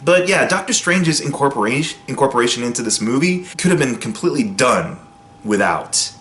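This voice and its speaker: A man giving a casual, opinionated spoken film review, with sudden jumps in pitch for emphasis. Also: animated, a little fast, fairly bright tone, reverberant.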